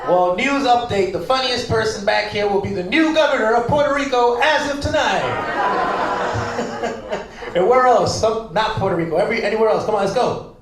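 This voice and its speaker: A brash, fast-joking stand-up comic from the Bronx, with a New York accent and a high voice. He riffs profanely with the audience in an echoey loft. A packed crowd laughs loudly around him. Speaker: stand-up comedian. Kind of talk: stand-up comedy with crowd work. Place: packed loft comedy venue, indoors. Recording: echoey room with loud crowd. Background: laughing live crowd.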